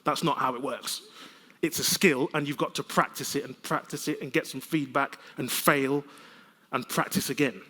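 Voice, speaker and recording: A man giving a conference keynote, telling lively, conversational stories with humor. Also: medium pitch, moderate pace. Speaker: keynote speaker. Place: large conference hall. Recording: long reverb of a conference hall.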